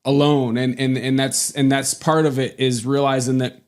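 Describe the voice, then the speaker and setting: A man's voice: mid-range voice, little pitch movement, moderate pace, darkish tone. A man in a casual roundtable conversation, speaking in an encouraging way and tripping over repeated words.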